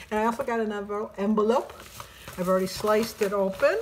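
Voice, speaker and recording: A woman's voice: mid-range voice, brisk, slight background noise. A woman with a Midwestern accent, talking to her viewers in a casual, gushing vlog and breaking into playful singing. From Michigan, USA. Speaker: weight-loss vlogger.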